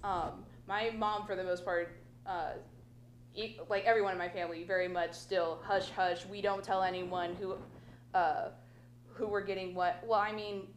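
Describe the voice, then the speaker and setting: A woman's voice: mid-range voice, steady tone, normal speed. A young woman co-hosting a podcast, talking casually and hesitantly, often searching for words. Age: young adult. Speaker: podcast co-host. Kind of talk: casual chat. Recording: roomy with faint noise.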